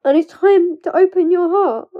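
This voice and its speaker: A young adult woman, a coach, speaking candidly and emotionally in a personal vlog, halting at times and breaking into nervous laughs. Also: very high voice. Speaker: trauma coach. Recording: dull lo-fi recording.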